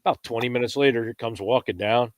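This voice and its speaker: A man hosting a podcast, teasing his guest and telling a story in a relaxed, joking way. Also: medium pitch, fast talker, dry recording, studio quality. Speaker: podcast host. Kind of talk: joking casual chat and anecdote.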